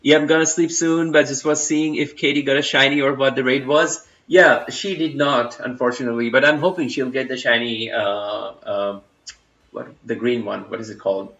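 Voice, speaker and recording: A man's voice: medium pitch, steady tone, normal speed, fairly bright tone. Chatty Indian-accented young man streaming. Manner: chatty, loose, full of fillers and restarts, reads chat aloud. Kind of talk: casual live-stream chat. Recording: roomy, slightly dull home stream audio.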